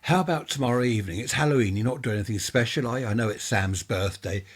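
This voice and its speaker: A man reading a ghost story aloud, voicing a gentle, talkative middle-aged woman who rambles and sighs. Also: medium pitch, quick pace, breathy edge, close to an everyday voice. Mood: chatty, sorrowful. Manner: warm, rambling, sighing.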